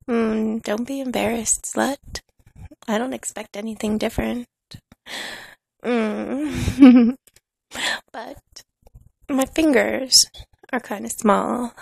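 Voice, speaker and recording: Slow, gravelly, teasing dominant woman. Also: fairly high pitch, no echo. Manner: teasing, commanding, with soft laughs. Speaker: audio role-play performer. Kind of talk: dominant adult audio role-play.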